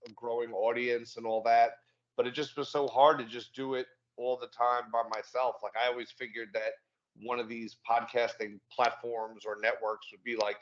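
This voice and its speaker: A man's voice: mid-range voice, level tone, moderate pace, highs cut off. A man talking as a podcast guest in easygoing casual chat, swearing casually.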